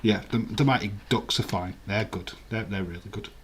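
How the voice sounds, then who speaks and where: A man's voice: fairly low pitch, moderate pace, a little hiss or hum. A man hosting a live stream, chatting casually and rambling while he answers viewer comments and laughs often. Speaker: livestream host. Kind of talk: casual live watch-along chat.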